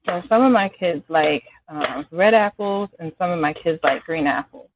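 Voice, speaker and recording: A woman with a fairly low voice cooks in her home kitchen during a live stream, chatting casually with viewers by name at a normal speed. Now and then she apologizes while clearing a scratchy throat. The sound is dry and tinny, like a phone.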